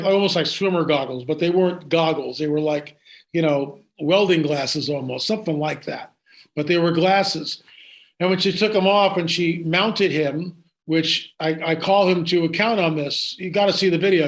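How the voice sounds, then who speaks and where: A man, the guest in an interview, telling a story with excitement and frequent restarts and asides. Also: fairly high pitch, normal speed.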